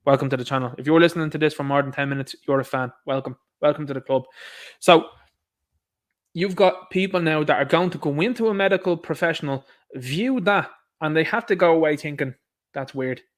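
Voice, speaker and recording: A young Irish man rants on his livestream, indignant and sarcastic. His voice sits a little higher than most men's, and he keeps turning to his listeners as lads. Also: a little fast. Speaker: livestream host. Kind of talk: ranting livestream commentary.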